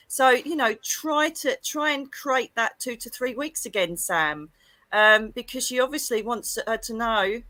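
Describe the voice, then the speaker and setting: A middle-aged woman with a bright, forward voice tells stories in an animated, gushing rush. Her sound is dry and close, with no room around it. She chats casually, with frequent exclamations. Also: on the high side, unhurried, dry recording. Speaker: psychic medium guest. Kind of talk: casual livestream chat.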